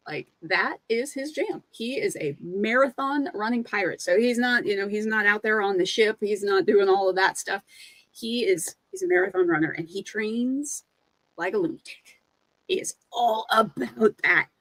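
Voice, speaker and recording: A woman guest on a podcast telling a story in an animated, emphatic way. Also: mid-range voice, normal speed, no room sound, poor audio. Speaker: guest speaker.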